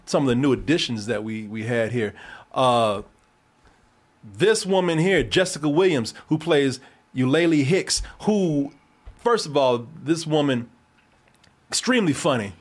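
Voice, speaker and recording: A man hosting a podcast, chatting casually about a movie, animated and profane, laughing often. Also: on the high side, measured pace. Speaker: podcast host. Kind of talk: casual movie review chat.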